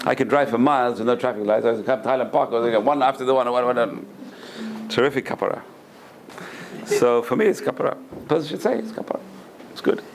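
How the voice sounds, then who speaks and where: A man's voice: medium pitch, fast, creaky, a little hiss or hum. A man, a rabbi, giving a Torah class, telling stories animatedly and repeating phrases for emphasis. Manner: animated storyteller, repeats phrases, acts out quoted voices. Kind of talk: Torah class lecture with storytelling.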